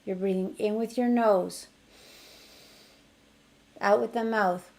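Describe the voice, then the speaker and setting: A middle-aged woman teaching an energy healing technique in a chatty online class, her voice rising brightly when she acts out what she tells others. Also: medium pitch, fairly even intonation, slow pace, creaky, slight background noise. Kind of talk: casual online teaching demonstration.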